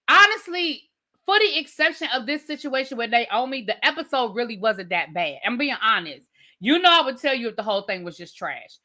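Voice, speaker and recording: A woman hosts a casual live review of a TV episode. She is chatty and colloquial, and she slips into the scenes as she retells them. Her voice is bright and forward. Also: high voice. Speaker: show reviewer and host.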